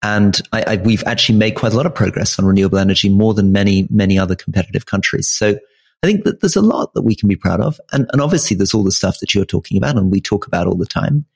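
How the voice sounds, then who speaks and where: Gravelly, husky-voiced man chatting on a podcast. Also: on the low side, animated, fast, a little mellow. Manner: wry, self-deprecating, thoughtful with frequent restarts. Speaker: podcast co-host. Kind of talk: casual podcast chat.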